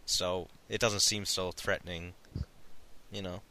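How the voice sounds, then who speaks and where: A man on a podcast retelling a story in casual chat, rambling and halting with lots of fillers. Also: low voice, little pitch movement, bright, forceful tone. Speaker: podcast co-host recapping a story.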